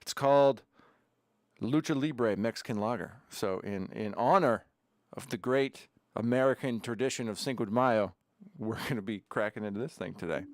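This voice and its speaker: This livestream host talks in a fairly low voice over a desk camera setup that adds a little hiss or hum. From his home studio, he rambles casually and makes sarcastic remarks while sipping beer.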